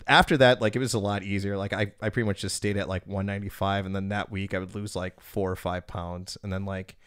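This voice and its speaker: Lowish-voiced man telling stories on a podcast. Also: fast, clear, resonant tone, no room sound, studio quality. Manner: animated storyteller, swears freely. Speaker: podcast host. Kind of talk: casual podcast chat.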